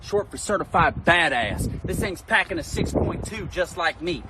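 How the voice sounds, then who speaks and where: A man giving a loud, boastful, over-the-top car commercial pitch. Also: expressive, moderate pace, very noisy. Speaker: car salesman in an ad.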